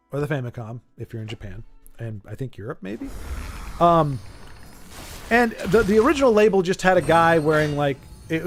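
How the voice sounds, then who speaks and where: A man streaming a card game playtest, chatting in a playful, rambling way and laughing easily. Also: on the high side. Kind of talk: casual chat while playtesting a card game.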